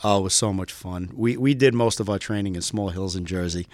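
A man's voice: low-pitched, brisk, dry recording. A man from the US East Coast, a police aviation lieutenant telling stories as a guest and laughing often. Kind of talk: storytelling interview answers.

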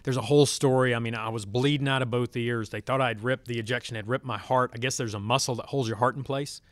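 A man's voice: mid-range voice, fairly even intonation, fast talker, no room sound. A man telling his story as a podcast guest, acting out quoted dialogue. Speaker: podcast guest, former fighter pilot. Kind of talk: storytelling interview. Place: studio. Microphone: studio mic.

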